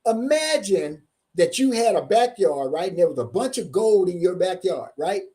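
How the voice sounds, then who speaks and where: A man's voice: high voice, sing-song, mellow. Emphatic man coaching on taxes. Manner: emphatic, repeats key points slowly, questions the audience. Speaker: tax coach. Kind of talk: motivational seminar presentation.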